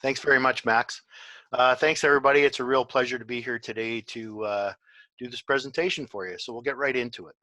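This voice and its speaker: A man presenting a webinar in a relaxed way, with many fillers. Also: medium pitch, fairly quick, dry recording. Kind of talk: online presentation.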